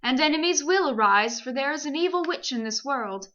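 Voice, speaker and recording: A woman voicing a great, wise male lion who speaks slowly and gravely, read aloud as a storybook. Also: sits high, animated, bright, forceful tone, lo-fi sound. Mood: solemn.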